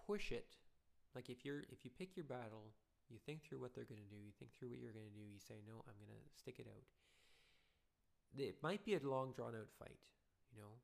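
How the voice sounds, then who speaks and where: A father talks earnestly and loosely about raising kids and often reaches for everyday comparisons. His voice has a gravelly edge and sits at a middling pitch for a man. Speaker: father giving parenting advice. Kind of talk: casual spoken talk.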